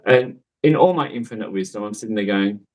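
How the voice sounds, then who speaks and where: A man's voice: on the low side, brisk, darkish tone, poor audio. A man who works as a psychic medium tells a story in a casual, rambling way, full of fillers and asides. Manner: chatty, rambling, with many fillers and laughs.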